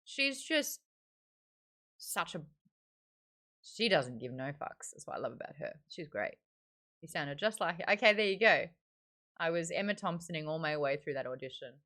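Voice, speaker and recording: Bright, lively Australian woman chatting. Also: deep voice, moderate pace, long pauses. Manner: chatty and candid, with frequent fillers and laughs. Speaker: streamer and book club host. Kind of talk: casual live-stream chat.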